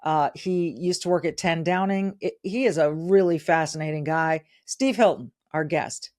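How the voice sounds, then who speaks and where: A woman's voice: deep voice, steady tone, moderate pace, a little mellow. A middle-aged woman from California hosting a podcast interview, enthusiastic and direct. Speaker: podcast host. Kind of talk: conversational interview.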